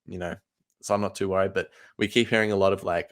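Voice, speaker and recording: A man with a fairly low voice co-hosting a fan podcast, chatting casually with a wry, teasing edge. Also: level tone, quick pace. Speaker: podcast co-host. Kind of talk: casual chat.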